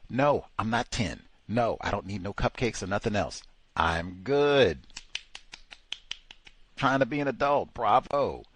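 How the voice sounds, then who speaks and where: A man hosts talk radio in a sarcastic, exasperated and animated way. His voice sits low and the sound is close and dry, with no room around it. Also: no room sound. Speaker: radio host. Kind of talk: casual talk radio commentary.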